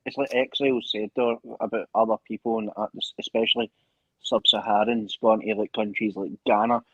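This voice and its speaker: Husky-voiced man on dry lo-fi audio. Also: lowish voice, flat delivery, a little fast, a bit bright, dry recording. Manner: rambling, tags sentences with "right". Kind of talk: casual chat.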